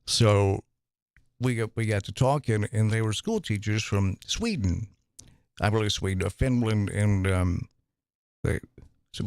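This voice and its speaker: A man's voice: fairly low pitch, a little mellow, clean tone, dry recording. A man debating for mayor on the radio, telling folksy stories with frequent restarts and hesitations. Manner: halting, restarts, folksy storytelling. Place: radio studio.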